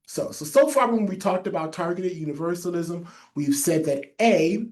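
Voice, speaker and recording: A man with a lisp presents a training webinar in a mellow, warm tone. He leans on key phrases and says them twice so listeners can note them down. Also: sits high, lively intonation, moderate pace. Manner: emphatic, repeats key phrases for note-takers. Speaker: public health trainer.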